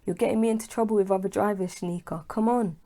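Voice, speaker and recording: A woman's voice: medium pitch, steady tone, fast, mellow, lightly acted. A woman reading as a smug, pushy young man. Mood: persuasive.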